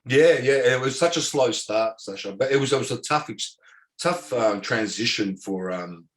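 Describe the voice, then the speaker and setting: A man's voice: medium pitch, lively intonation, normal speed. A middle-aged Australian man, a former footballer, telling stories in a casual interview, repeating words and filling with "um". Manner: rambling, repeats words, many fillers. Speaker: former professional footballer, guest.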